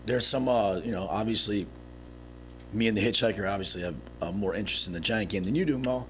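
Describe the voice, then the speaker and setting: A man's voice: on the low side, quick pace, slight background noise. A man cohosting a sports radio talk show, breaking down football games in a chatty, loose way. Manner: chatty, many restarts and fillers. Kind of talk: casual sports radio chat.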